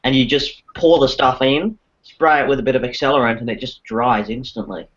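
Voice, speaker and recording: A man's voice: mid-range voice, steady tone, a little fast, fairly bright tone. A man co-hosting a casual podcast, explaining things with lots of "like" as filler. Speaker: podcast co-host. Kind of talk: casual chat. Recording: dull lo-fi audio.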